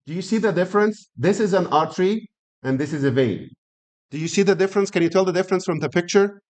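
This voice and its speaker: A man's voice: high voice, fast talker, darkish tone. A middle-aged man lecturing on anatomy, repeating key terms and asking students frequent questions. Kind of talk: classroom lecture.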